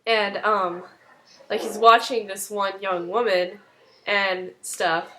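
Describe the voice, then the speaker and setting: A woman's voice: mid-range voice, level tone, slow, bright, forceful tone, slight background noise, rough recording. A young woman casually retelling a TV episode, rambling and full of fillers. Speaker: video recap host.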